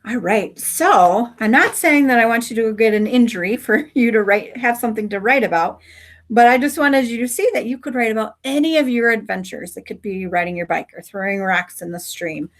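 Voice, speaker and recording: In a brisk, fairly high voice with lively intonation, a woman teacher reads a story aloud and teaches her class warmly, asking questions and adding soft asides.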